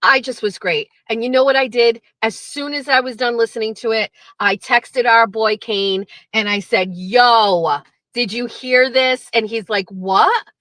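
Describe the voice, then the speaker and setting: A high-pitched woman with a bright, sharp tone rants on her stream, full of profanity and mocking put-on voices. The sound is close and dry, with no room in it. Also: measured pace, no room sound, low-quality recording. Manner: profane, animated, mocking impressions. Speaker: streamer host. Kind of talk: ranting commentary.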